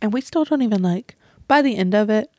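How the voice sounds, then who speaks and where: Podcast co-host, female, medium pitch, dry close sound, chatty and opinionated. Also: expressive, a little fast, warm tone, no echo. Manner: chatty, frequent "like", opinionated quips. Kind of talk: casual movie recap chat.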